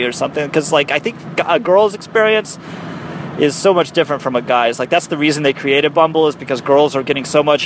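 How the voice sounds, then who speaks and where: A man's voice: a little high, a little fast, fairly bright tone, a little hiss or hum. A young man doing a rambling, profane comic monologue from his car, mocking himself as he goes. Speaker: comedian. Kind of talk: comic monologue recorded while driving. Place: in a car on a highway.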